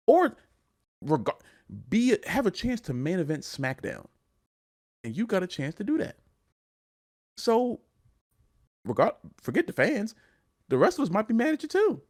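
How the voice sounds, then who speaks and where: A man's voice: high-pitched, huge pitch swings, normal speed, pauses often, a little mellow. A man co-hosting a wrestling podcast, ranting in casual chat and often repeating his words. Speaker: podcast co-host.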